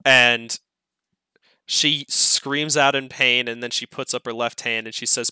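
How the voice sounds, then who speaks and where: A man's voice: medium pitch, steady tone, a little slow, sharp tone, smooth, no room sound. A man narrating a tabletop game as game master, laid-back and swearing now and then.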